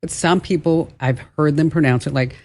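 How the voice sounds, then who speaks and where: Low-voiced woman hosting a chatty show. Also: normal speed, darkish tone. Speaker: host. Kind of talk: casual chat.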